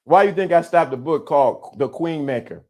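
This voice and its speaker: A man hosts a casual livestream and talks straight to his chat. He teases and laughs often. His voice sits a little high for a man. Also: normal speed. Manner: animated, teasing, laughs often. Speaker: livestream host. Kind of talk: casual live-stream chat.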